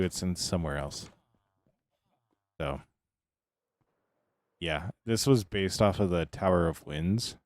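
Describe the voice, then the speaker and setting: Low-voiced man streaming, rambling chat. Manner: rambling, answers chat between remarks. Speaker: game streamer. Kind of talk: casual livestream commentary.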